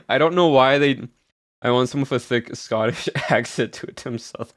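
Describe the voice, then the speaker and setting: A man's voice: medium pitch, fairly quick, no echo, clean studio sound. A man streaming, chatting casually with his viewers in a rambling way with many fillers and answers to chat.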